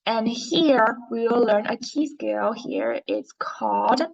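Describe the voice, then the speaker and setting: Slow, patient woman teaching reading. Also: on the high side, wildly swooping pitch, creaky, dull audio. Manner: slow, patient, encouraging, modelling expression. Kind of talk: online English reading lesson for young learners.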